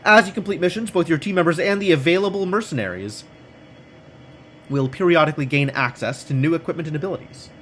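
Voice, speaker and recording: A man streaming a game, reading its text aloud and thinking out loud in a wry, self-mocking way. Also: fairly high pitch, fast talker, slight background noise.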